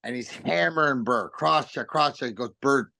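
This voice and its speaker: A man's voice: medium pitch, normal speed, creaky, no room sound. A man in his fifties, a former pro hockey player, telling stories as a podcast guest, cursing freely and restarting his sentences. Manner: swearing, rambling with restarts, animated. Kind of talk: casual storytelling chat.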